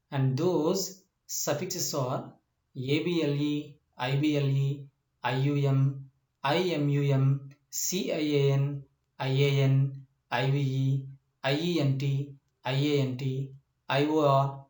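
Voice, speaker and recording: Slow-talking man lecturing in an echoey room. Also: a little high, a little mellow. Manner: slow, spells out letters, frequent uh fillers. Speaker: English teacher. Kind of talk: slide lecture on word stress.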